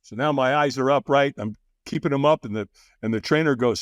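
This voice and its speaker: A man's voice: medium pitch, brisk, dry recording, studio quality. A man talking as a podcast guest, telling a story with energy, laughing often and acting out what other people said. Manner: animated, acts out quoted voices, laughs often. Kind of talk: storytelling in a conversation.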